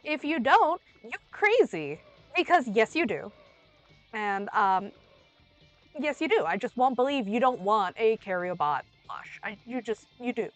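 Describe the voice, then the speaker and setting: A young woman streams a game under the weather, rambling in a playful, casual way. Her pitch swings widely, jumping to sudden loud bursts. Soft music plays faintly behind her. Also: very animated, measured pace.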